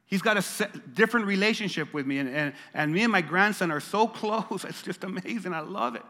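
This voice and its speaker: A man's voice: high voice, brisk, sharp tone. An older man preaching a sermon as pastor, emphatic and repeating phrases for stress. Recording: long reverb of a large hall.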